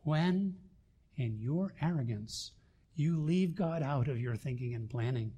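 An older man preaching a sermon, swinging between loud emphasis and quiet asides. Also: medium pitch, expressive, a little slow, husky. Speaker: pastor.

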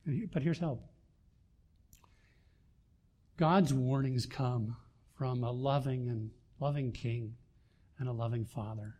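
An older man preaching a sermon, swinging between loud emphasis and quiet asides. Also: medium pitch, slow, long pauses, lo-fi sound. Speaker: pastor.

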